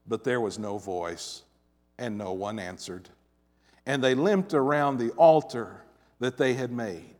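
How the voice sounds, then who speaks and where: A man preaching a sermon with scripture reading, dramatic, swinging from loud emphasis to quiet asides with wry humor. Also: medium pitch, animated, unhurried. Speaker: pastor. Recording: long reverb of a large hall.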